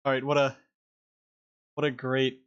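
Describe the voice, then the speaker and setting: A man's voice: mid-range voice, completely flat delivery, unhurried, fairly bright tone, clean tone. A man hosts a casual online stream through a headset, laughing often as he rambles along. His voice sits mid-range and comes through dull and lo-fi, like voice chat. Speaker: stream host.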